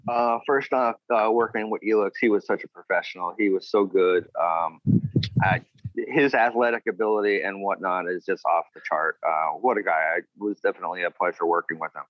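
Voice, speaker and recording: Low-voiced guy rambling thru old wrestling stories, dry muffled audio. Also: brisk, no room sound. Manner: rambling, acts out quotes of others. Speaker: former wrestler, guest. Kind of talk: casual storytelling interview.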